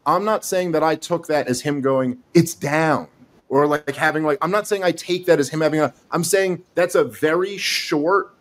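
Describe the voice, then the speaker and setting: A man's voice: on the high side, moderate pace, a bit bright. Insistent man arguing his point. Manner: insistent, keeps interrupting to make his point; swears casually. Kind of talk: heated casual debate.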